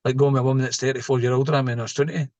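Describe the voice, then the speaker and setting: A man's voice: medium pitch, little pitch movement, rapid-fire, darkish tone, no echo, highs cut off. Joking man telling stories. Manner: joking, laughs at his own stories. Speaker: podcast guest. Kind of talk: casual storytelling interview.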